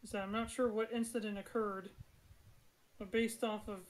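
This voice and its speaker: A woman voicing a calm ancient female spirit, speaking softly and politely in a tabletop game. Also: mid-range voice, moderate pace, lightly acted, low-quality recording. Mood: wistful. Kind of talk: tabletop game role-play.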